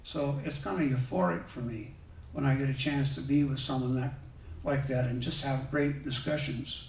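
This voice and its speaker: A man giving a sermon with personal stories, gentle and conversational, with many pauses and fillers. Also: mid-range voice, slight background noise. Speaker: guest minister. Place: church hall. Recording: roomy, dull sound from a distant mic.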